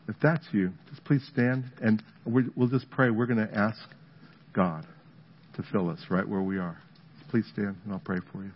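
During a church service, a male pastor preaches and prays aloud in an earnest, conversational way, mixing sermon with prayer ministry. His voice is fairly low and measured, broken by long pauses, with slight background noise. Music plays behind the dull, lo-fi recording.

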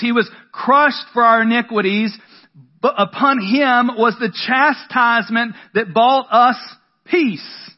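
Young male preacher, high-pitched and conversational, muffled lo-fi capture. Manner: conversational preaching with dramatic emphasis. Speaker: pastor. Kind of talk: sermon. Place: room with a congregation. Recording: dull lo-fi sound.

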